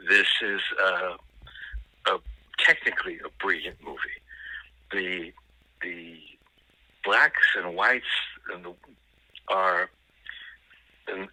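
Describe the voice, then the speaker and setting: A man with a low, strikingly sharp and tense voice talks through a film in a relaxed, analytical way. He often pauses and restarts as he hunts for the right word. The sound is close and dry, with no room echo. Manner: thoughtful, analytical, pauses to find words. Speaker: film critic guest. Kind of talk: casual film discussion.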